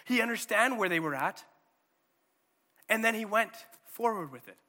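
Male preacher, fairly high bright voice, casual animated sermon, hall reverb. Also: moderate pace. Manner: conversational, animated, checks in with "okay?" and "right?".

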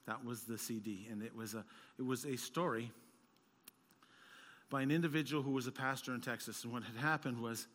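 A man preaching a sermon as a pastor, telling stories and rising to loud, emphatic peaks. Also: mid-range voice, steady tone, fairly quick, pauses often, long reverb tail.

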